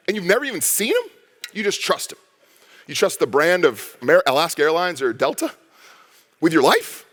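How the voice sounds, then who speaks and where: A man, a pastor, preaching a sermon with lively storytelling and acted-out quotes. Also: high-pitched, big-room sound. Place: church sanctuary.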